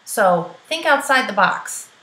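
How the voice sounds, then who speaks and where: A woman coaching her sales team straight to camera in a chatty, peppy way. Her voice sits in a middle register. She keeps checking in with quick asides, and the room around her rings with a noticeable echo. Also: mid-range voice, big pitch swings, pushed and bright. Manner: chatty, peppy, tosses in "right?" and "girl" asides. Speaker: direct sales trainer. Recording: roomy echo.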